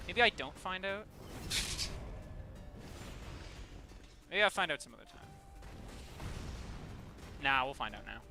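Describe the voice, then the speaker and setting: A man's voice: on the high side, sing-song, moderate pace, gravelly, pauses often. A man streaming a video game, casually chatting with viewers, swearing and laughing often. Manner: swears a lot, laughs often, banters with chat. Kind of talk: casual gaming stream chat.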